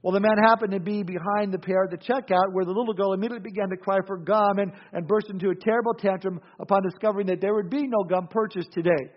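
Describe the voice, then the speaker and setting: A man's voice: high-pitched, steady tone, fast, few pauses. A man preaching a sermon as pastor, telling anecdotes with dry humor and often restarting words. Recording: dull lo-fi sound.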